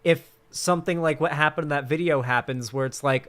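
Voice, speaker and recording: A young man on a casual commentary stream who rambles and swears as he rants. His voice runs a bit high, with an animated, loose delivery. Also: brisk, hardly any pauses. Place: cramped home setup.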